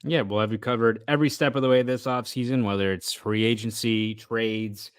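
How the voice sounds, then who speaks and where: With a voice on the low side and fairly even intonation, this young Boston-accented sports reporter co-hosts a casual sports podcast, speaking a little fast. The tone is clean with no room sound, and he's thoughtful and rambling, frequently correcting himself mid-sentence.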